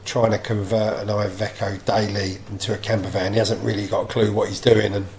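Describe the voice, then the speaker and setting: A man's voice: on the low side, flat delivery, a little fast, creaky, darkish tone. A man narrating his van conversion in a casual vlog, practical and dryly teasing. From England. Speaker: van build vlogger. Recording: background noise.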